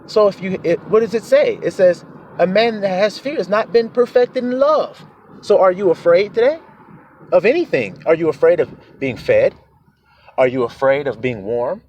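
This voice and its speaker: A man preaching a sermon, animated, acting out quoted voices as he goes. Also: fairly high pitch, a little hiss or hum.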